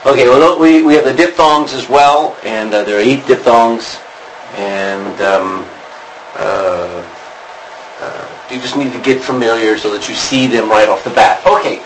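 Seorang pria mengajar kosakata Yunani di kelas dengan santai, sering tertawa dan bercanda. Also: male voice, mid-range voice, slight background noise, rough recording. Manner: jokey, laughs often, drawn-out words. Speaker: Greek teacher. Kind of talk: casual classroom teaching.

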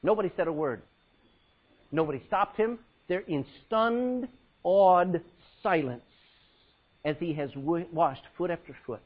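Unhurried in pace, a husky, high-voiced preacher acts out passages of scripture with his pitch jumping and dropping. He laughs at moments and drops dramatically in volume to stress points, and the sound quality is dull and lo-fi.

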